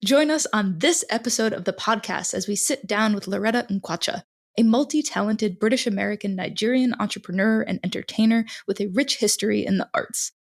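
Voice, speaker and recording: A woman's voice: medium pitch, brisk, creaky. A woman hosting a podcast, reading a polished, enthusiastic intro and then asking interview questions. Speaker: podcast host.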